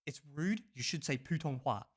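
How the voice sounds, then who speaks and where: A man putting on the voice of a smug, condescending young man, speaking lower and quieter than his own voice in a patronizing drawl. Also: expressive, moderate pace.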